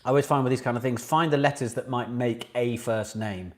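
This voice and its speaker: A man's voice: medium pitch, brisk. Chatty, self-mocking man hosting a quiz. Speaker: pub quiz host. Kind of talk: casual online quiz hosting.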